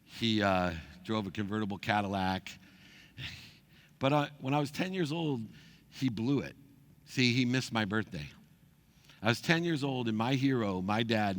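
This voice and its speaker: A middle-aged man telling a personal story as host, animated and acting out the people he quotes. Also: on the low side.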